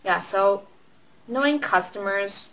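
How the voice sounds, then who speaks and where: A young woman with a bright, forward voice tells work stories in a casual vlog. She rambles and slips into quick impressions of the customers she quotes. Her pitch sits in a middle range for a woman. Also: rough recording. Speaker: retail cashier.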